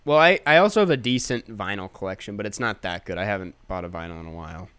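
A man's voice: lowish voice, expressive, fast, a bit bright, smooth, no echo. A man hosting a podcast in casual chat, chatty and self-deprecating, laughing often. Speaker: podcast host.

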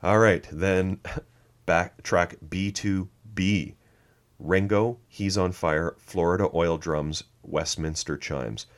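Man, extremely deep voice, podcast co-host, casual chat, sarcastic, laughing. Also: takes it slowly. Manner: dry, sarcastic, laughs often.

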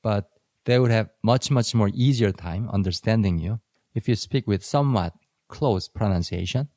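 A man's voice: on the low side, normal speed, mellow, no echo. A man co-hosting a casual podcast, answering with dry teasing remarks. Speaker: podcast co-host.

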